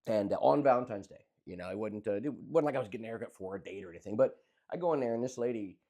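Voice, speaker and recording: A man co-hosting a casual podcast, telling a rambling, animated story and swearing freely. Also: fairly low pitch, racing. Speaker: podcast co-host. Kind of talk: casual chat.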